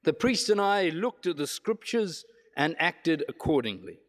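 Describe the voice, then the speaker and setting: An anxious village mayor pleads his case, as a preacher puts him on in a strained, higher voice. The sound carries a long hall reverb around it. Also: sing-song, unhurried. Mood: pleading. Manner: pleading, defensive.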